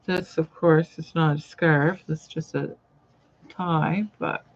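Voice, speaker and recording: Woman, sewing host, slow easygoing talk, muffled live-stream sound. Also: deep voice, fairly even intonation. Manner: chatty, rambling, greets viewers by name. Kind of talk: casual live-stream chat while sewing. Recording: dull lo-fi live-stream audio.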